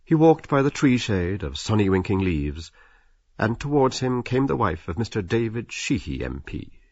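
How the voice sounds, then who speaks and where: Deep husky male audiobook narrator. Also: moderate pace, dry recording, muffled recording. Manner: expressive, slips into characters' inner voices.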